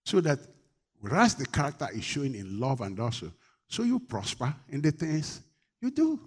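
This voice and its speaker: A middle-aged man preaching a sermon, moving from quiet talk to loud rebuke. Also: medium pitch, huge pitch swings, normal speed, husky. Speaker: pastor.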